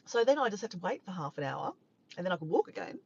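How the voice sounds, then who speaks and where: A woman's voice: lowish voice, very animated, fast, a little mellow, slightly rough, highs cut off. A woman with an Australian accent, chatting casually to a live stream from her parked car, rambling and tripping over her words. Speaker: vlogger.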